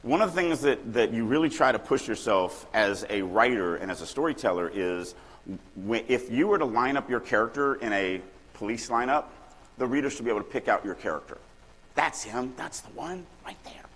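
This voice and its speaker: A middle-aged man from Louisiana giving a lively, joking lecture on writing at a conference, acting out little examples as he goes. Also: mid-range voice, fairly quick. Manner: animated, joking, acts out examples. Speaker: writing workshop speaker. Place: large conference hall. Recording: long hall reverb.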